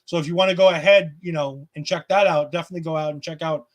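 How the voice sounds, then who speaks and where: A man's voice: a little high, steady tone, fast. A man co-hosting a casual wrestling post-show, talking animatedly and playfully mocking the people he discusses. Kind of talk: casual chat.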